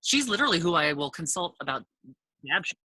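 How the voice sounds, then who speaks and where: A woman telling a funny story in a casual chat, animated and loud when she acts out quotes, swearing freely. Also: fairly low pitch, fast talker, no room sound. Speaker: podcast guest, cannabis entrepreneur.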